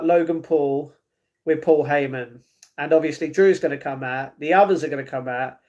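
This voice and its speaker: British guy on a live stream, fairly high voice, just rambling and replying to chat. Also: darkish tone. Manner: rambling, chatty, reacting to chat messages.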